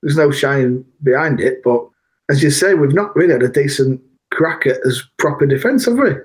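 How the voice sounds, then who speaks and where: A man's voice: medium pitch, expressive, normal speed. A man co-hosting a casual football podcast, blunt and full of jokey banter. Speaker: podcast co-host.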